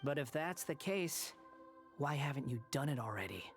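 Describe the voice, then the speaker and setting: A man's voice: medium pitch, lively intonation, moderate pace, lightly acted. A man voicing a sly young male wanderer in a video game, speaking in a cool, mocking, provoking way. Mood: taunting. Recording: game audio with music behind.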